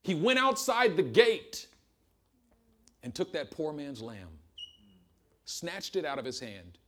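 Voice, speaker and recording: A man preaching a sermon to a congregation in a church, telling a Bible story with humor and animated storytelling. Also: on the high side, takes it slowly. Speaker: pastor. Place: church service before a congregation.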